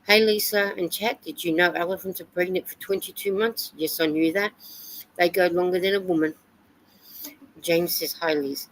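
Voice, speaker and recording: A woman's voice: fairly low pitch, fairly even intonation, moderate pace, a little hiss or hum, poor audio. An Australian woman hosting a live stream, chatting casually and reading out viewer comments and weather reports. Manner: chatty, reads comments and weather aloud with fillers.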